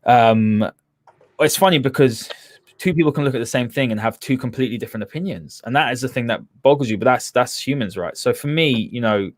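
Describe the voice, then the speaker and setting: A man's voice: mid-range voice, brisk, no echo. A man speaking as a podcast guest in a frank, earnest way. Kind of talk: candid conversation.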